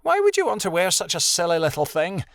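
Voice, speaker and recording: A man's voice: high voice, huge pitch swings, fast, creaky, smooth, dry recording, studio quality, voice pushed up, heavily acted. A man voicing a haughty, sneering female wolf in a fantasy audiobook. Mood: scornful. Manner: scornful and sharp.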